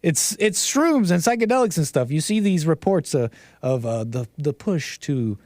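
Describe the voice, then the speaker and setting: A man's voice: fairly high pitch, expressive, moderate pace, a little mellow, no room sound, studio quality. A man hosting a livestream, ranting and joking in casual commentary, laughing often. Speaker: streamer host.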